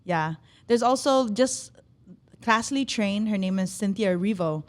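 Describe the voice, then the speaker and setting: A woman's voice: medium pitch, lively intonation. Female podcast host, friendly conversational delivery. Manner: chatty, affirming, quick to agree.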